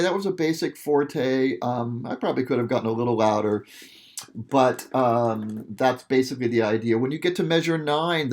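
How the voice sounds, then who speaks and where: A male music teacher explaining a piece to students in a casual, patient way, often checking in with "okay". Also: medium pitch. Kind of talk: instrument lesson talk.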